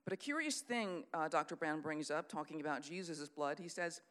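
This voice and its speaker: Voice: mid-range voice, brisk, a bit bright. A Christian speaker giving an earnest, sermon-style teaching talk. The speaker lectures unscripted, with fillers and restarts, and reads out long quotations.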